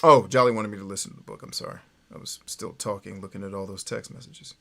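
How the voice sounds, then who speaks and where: A man's voice: fairly low pitch, steady tone, fast, gravelly. A man hosting a casual livestream, talking loosely, often checking in with "right?", and swearing when he gets worked up. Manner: former radio voice for phone numbers. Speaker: livestream host.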